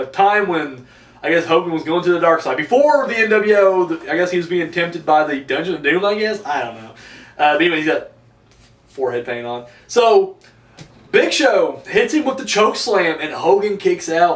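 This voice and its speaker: A high-voiced man rambling through a casual video review, sarcastic and foul-mouthed. He sits a bit away from the mic in an echoey room. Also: fairly bright tone, recorded from a distance. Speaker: wrestling reviewer.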